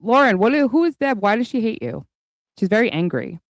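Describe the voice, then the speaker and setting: Blunt, profane man with a lively voice. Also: high voice, a little fast, dry recording, clean studio sound. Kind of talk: heated live-stream argument.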